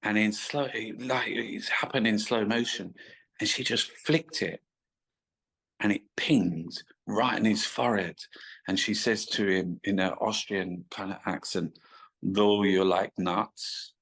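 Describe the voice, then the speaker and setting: A man's voice: on the low side, measured pace, gravelly, fairly bright tone, poor audio. A man, a guest telling rambling, sweary stop-start anecdotes in a casual interview. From England. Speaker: guest artist.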